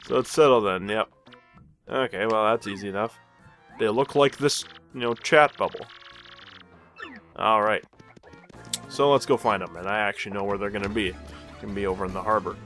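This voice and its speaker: A man's voice: lowish voice, moderate pace, pauses often, a bit bright, soft background music. Rambling man commenting on a video game. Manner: rambling, loose, lots of fillers and laughs at himself. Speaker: let's play host. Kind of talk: casual gameplay commentary.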